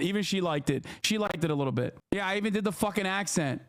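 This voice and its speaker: High-voiced profane male streamer. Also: fast. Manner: profane, animated, mocking. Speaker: streamer reacting to his own TV clip. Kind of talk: casual livestream commentary.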